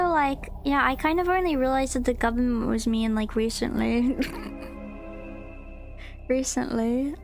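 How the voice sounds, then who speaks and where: A woman with a high, bright voice hosts a casual live stream. She reads a passage aloud in a loose, chatty way, full of "um"s and "like"s. She keeps breaking into giggles and squeaky cries of disbelief. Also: creaky. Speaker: VTuber streamer.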